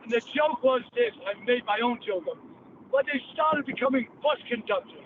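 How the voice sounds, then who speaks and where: A brash, profane Cockney man hosting a podcast, telling his stories in a loose, rambling way. His voice sits very high. The sound is thin and phone-like, with a faint hiss underneath. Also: expressive, normal speed. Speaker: podcast host.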